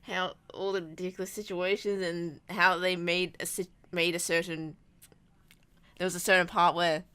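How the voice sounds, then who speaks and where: A woman's voice: on the low side, fairly even intonation, normal speed, fairly bright tone, clean tone, no room sound. A young woman rambling casually in a video blog, full of restarts and self-deprecating asides. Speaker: vlogger. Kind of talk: rambling travel vlog chat.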